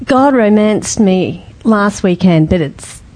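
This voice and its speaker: A woman telling a personal story to a small group in a casual, lively way, laughing often and acting out the voices of the people she quotes. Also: mid-range voice, slow pace, low-quality recording. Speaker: group member sharing a testimony.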